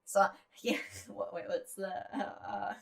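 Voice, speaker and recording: A woman's voice: mid-range voice, fairly even intonation, measured pace, gravelly. A woman co-hosting a casual podcast chat, giggly and jokey, trailing off with fillers. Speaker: podcast co-host. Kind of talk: casual chat over drinks.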